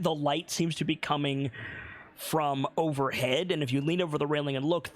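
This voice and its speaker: A man narrating as game master of a tabletop game, building the scene slowly, detail by detail. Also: on the high side, fairly bright tone. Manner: slow, descriptive, builds scenes piece by piece.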